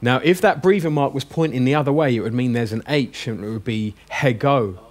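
Lively man teaching a class. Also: medium pitch, fast talker. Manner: lively, jokey, coaxing the class with questions. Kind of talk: classroom language lesson.

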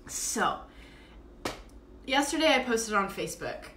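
Speaking in a slightly high, animated and somewhat bright voice at a measured pace, a worn-out podcast host chats on a live stream from inside her home. She rambles with lots of fillers in a casual monologue. There's roomy echo, faint ambience and slight background noise.

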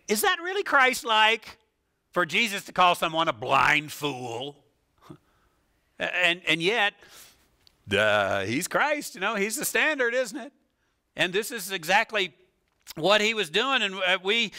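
A man preaching a sermon in a lively, animated way, asking rhetorical questions, laughing now and then, and often pausing with fillers and restarts. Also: mid-range voice. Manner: frequent filler words and restarts. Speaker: pastor.

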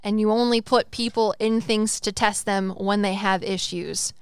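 A young woman co-hosting a casual podcast as a psychic medium, rambling and animated, swearing and acting out quotes in different voices. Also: medium pitch, normal speed, clear, resonant tone, no room sound, studio quality.

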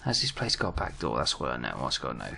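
A man's voice: very deep voice, big pitch swings, fast talker, vocal fry, sharp tone, slight background noise. A British man commentating his own game play, jumpy and muttering to himself with self-mocking asides. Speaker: gaming commentator.

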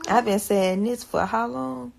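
A woman's voice: on the high side, a little slow, gravelly, background noise. A young woman, a mother filming her baby, chatting casually and slangily to her viewers. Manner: laid-back, slangy, talks to viewers and baby. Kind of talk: casual vlog chat.

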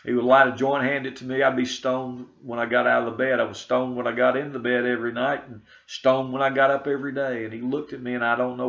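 A man's voice: mid-range voice, creaky. A middle-aged pastor, a man, earnestly telling his conversion story and quoting the people in it. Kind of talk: spoken testimony. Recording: dull lo-fi recording.

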